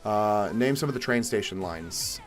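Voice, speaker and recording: A young man from Atlanta, Georgia, chatting casually on a live stream, reading viewer questions and answering in a laid-back way, with the odd swear word and loud exasperated outbursts. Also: fairly low pitch, animated, normal speed. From Atlanta, Georgia, USA. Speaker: livestream host. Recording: faint music behind.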